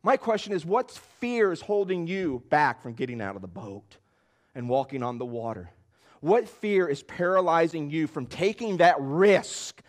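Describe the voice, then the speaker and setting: A man's voice: on the high side, expressive, measured pace. A man preaching a sermon as pastor, emphatic and repetitive, with bursts that rise in force.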